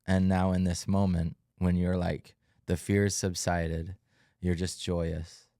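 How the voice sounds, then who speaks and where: Casting note: young male podcast co-host, very low and even voice, halting, dry close sound. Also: no room sound. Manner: reflective, halting, many fillers. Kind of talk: casual testimony chat.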